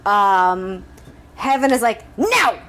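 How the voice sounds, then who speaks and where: A woman's voice: medium pitch, expressive, measured pace. A woman co-hosting a podcast, recapping a book from her notes in a wry, giggly way. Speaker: podcast co-host. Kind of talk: casual book-recap chat.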